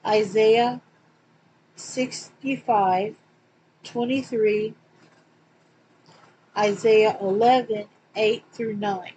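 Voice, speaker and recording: A woman with a Southern accent, reading Bible questions and verses aloud slowly, with small slips and asides. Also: medium pitch, fairly even intonation, mellow, a little hiss or hum, rough recording. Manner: slow and deliberate, reads quotes slowly with small slips and asides. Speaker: Bible study reader.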